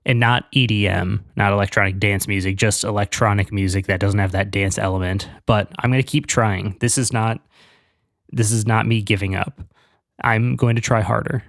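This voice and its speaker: A man with a low, gravelly voice chats eagerly as a podcast co-host, wandering through his thoughts with plenty of fillers. The sound is dry and close. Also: no echo. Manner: enthusiastic, rambling with fillers. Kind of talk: casual chat.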